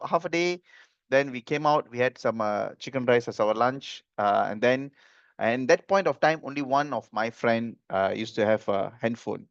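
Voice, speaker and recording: A man's voice: medium pitch, creaky, dry recording. Casting: man, mid-range voice, rambling storyteller, dull dry sound. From Malaysia. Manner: rambling with fillers and self-corrections. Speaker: club speaker. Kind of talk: impromptu speech.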